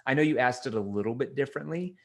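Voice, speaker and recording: A middle-aged man coaching sales calls, giving direct feedback and slowing down to stress key words. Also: medium pitch, animated, vocal fry. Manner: direct, instructive, slows down for emphasis. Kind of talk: coaching role-play feedback.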